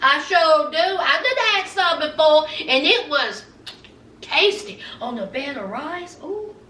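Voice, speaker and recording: High-voiced, slow, sassy woman. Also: expressive, sharp tone, distant mic, a little hiss or hum. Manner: sassy, laughing, calls viewers honey. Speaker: recap vlogger. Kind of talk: casual TV recap commentary. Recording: echoey room, voice away from mic.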